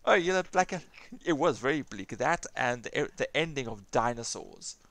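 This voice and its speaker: A man chatting casually while playing an online game, laughing easily and getting animated when he tells a story. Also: medium pitch, normal speed, gravelly, no echo. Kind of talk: casual chat while gaming.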